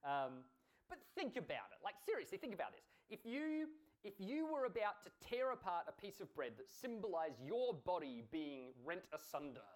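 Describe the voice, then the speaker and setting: A man's voice: high voice, very animated, normal speed. Earnest man preaching a sermon. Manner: earnest, emphatic preaching with rhetorical questions.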